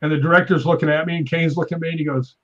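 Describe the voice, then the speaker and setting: A man in his fifties, a stuntman guest on a talk show, telling animated anecdotes with sound effects and chuckles. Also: fairly high pitch, racing. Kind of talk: casual interview storytelling. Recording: dull lo-fi sound.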